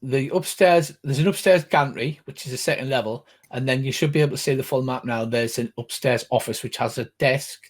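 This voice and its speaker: Patient man running a tabletop game. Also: mid-range voice. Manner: measured, explains rules patiently. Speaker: game master.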